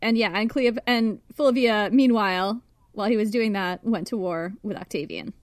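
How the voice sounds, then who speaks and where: A woman's voice: mid-range voice, normal speed, no echo, clean studio sound. A woman guest on a podcast, explaining history with enthusiasm and knowledge, sometimes hedging with "um". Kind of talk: casual podcast interview.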